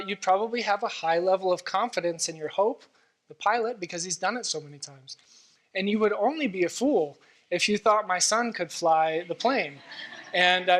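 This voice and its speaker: A man's voice: high voice, fairly bright tone. A man giving a sermon as guest preacher in a church, earnest and conversational, with frequent fillers.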